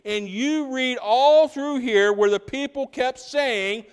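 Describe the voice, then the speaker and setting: A man preaches with a high, lively voice. He swings from loud outbursts to near-whispered lines. The sound rings in a hall with a long echo. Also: slow, smooth. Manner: animated, swings from loud to hushed. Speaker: pastor. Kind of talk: sermon.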